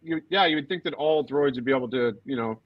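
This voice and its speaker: A man co-hosting a fan podcast in casual chat, thinking aloud with many pauses and trailing sentences. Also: mid-range voice, dry recording, lo-fi sound. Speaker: podcast co-host.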